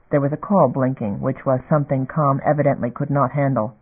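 A man's voice: medium pitch, fairly even intonation, a little fast, husky. Man narrating an audiobook, tinny sound. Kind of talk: scripted narration. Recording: phone-like narrow band.

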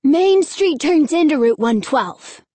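A boastful, loud young boy who likes to sneer, voiced by a woman reading a story. The pitch is lifted above her narrating voice, and the delivery is dry and close. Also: lively intonation, slow, dry recording. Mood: brash.

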